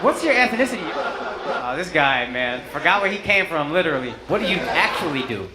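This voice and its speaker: A man's voice: high-pitched, very noisy. A man doing profane stand-up crowd work on a club stage, teasing audience members. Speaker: stand-up comedian. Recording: live club recording, loud crowd laughter.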